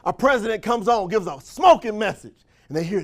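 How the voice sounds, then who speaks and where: Brisk and with few pauses, a high-voiced man delivers a lively motivational speech to a live audience for a sales company. He uses call-and-response questions, slangy folksy wording, and chuckles often.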